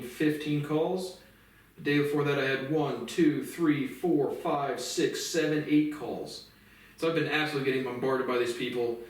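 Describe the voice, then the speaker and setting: A man talking alone on his show in a casual, rambling monologue, blunt and full of swearing. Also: mid-range voice. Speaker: podcast host. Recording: echoey room, mic at a distance.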